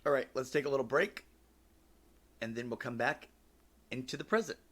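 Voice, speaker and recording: A man's voice: medium pitch, normal speed. Wry, candid man telling stories. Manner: candid and wry, with casual swearing. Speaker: podcast host. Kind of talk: casual personal storytelling.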